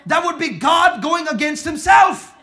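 A man preaching a sermon emphatically, using call and response, swinging between quiet talk and shouting. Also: very high-pitched, sing-song, a little slow. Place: church with congregation.

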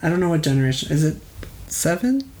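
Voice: medium pitch, big pitch swings, quick pace, darkish tone. A co-host in a casual chat, blunt and easygoing, swearing freely.

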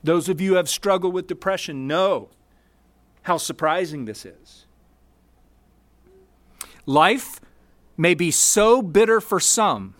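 A man preaching a sermon, emphatic, stressing key words and pausing deliberately between short phrases. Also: sits high, a bit bright. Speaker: pastor.

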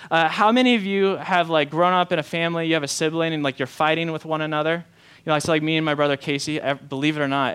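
A man preaching a sermon to his congregation, conversational and animated, acting out the lines he quotes. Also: high voice, clean tone. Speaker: pastor.

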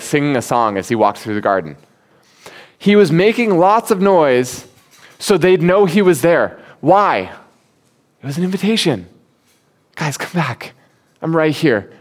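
Man, sermon, animated and conversational, rhetorical questions, middle pitch. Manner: animated, acts out quoted voices, asks rhetorical questions. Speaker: preacher.

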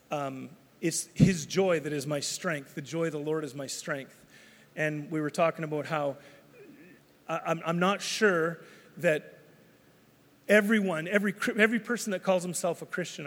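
A man's voice: on the high side, long reverb tail. A man preaching a sermon, telling a personal story in a loose, conversational way with frequent restarts. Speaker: pastor.

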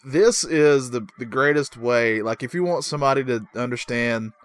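A man talks through footage in a casual chat, explaining what works and why. His voice sits in a middle pitch and his delivery stays analytical and steady. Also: normal speed. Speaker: co-host reacting to wrestling.

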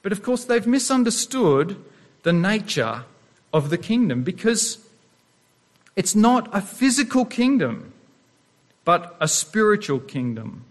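A man's voice: high voice, big pitch swings, a little slow, long pauses. A man preaching a sermon as pastor, earnest and full of rhetorical questions, with occasional restarts.

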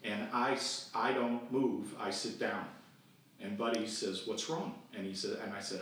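A man's voice: on the low side, a little slow. A man in his sixties, a podcast guest, telling a childhood camp story and acting out the voices of the people in it. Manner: animated storyteller who acts out quoted voices. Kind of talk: storytelling interview. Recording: distant echoey remote recording with faint noise.

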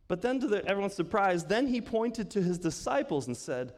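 A man's voice: high-pitched, sing-song, brisk, darkish tone. Man, pastor, conversational sermon, asks questions, laughs often, reverberant church hall. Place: church sanctuary.

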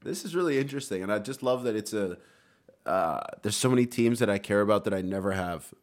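A man's voice: fairly low pitch, fairly quick. A man co-hosting a casual podcast chat, laid-back, swearing freely and laughing often. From Texas. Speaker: podcast co-host.

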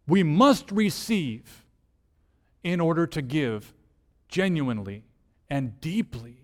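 Male lead minister, higher-pitched, casual sermon delivery that shifts from hushed to emphatic; reverberant room. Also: lively intonation, slow. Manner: conversational, rhetorical questions, swings from soft to emphatic.

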